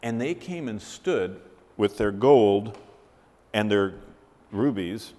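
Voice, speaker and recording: A man's voice: fairly low pitch, animated, takes it slowly, warm tone. A man preaching a sermon, telling a story vividly and asking his listeners questions. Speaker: Bible teacher. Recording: reverberant hall.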